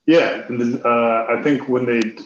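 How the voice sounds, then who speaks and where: A man's voice: mid-range voice, steady tone, normal speed. A man doing a hesitant, self-deprecating stand-up set full of ums. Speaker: stand-up comic. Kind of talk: stand-up set on a live stream. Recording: echoey room, dull lo-fi stream audio.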